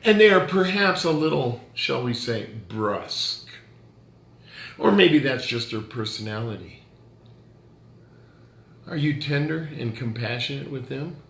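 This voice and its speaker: A man's voice: mid-range voice, lively intonation, unhurried, vocal fry, long pauses, fairly bright tone, echoey room. A male pastor giving a conversational sermon, joking and challenging his listeners directly.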